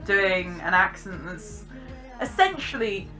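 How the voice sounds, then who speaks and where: A young woman with a posh English accent and a bright, clear voice. She talks in a lively, theatre-trained way, enunciating crisply as she gives casual commentary. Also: medium pitch, slow pace, faint music behind. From Britain. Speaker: vlogger.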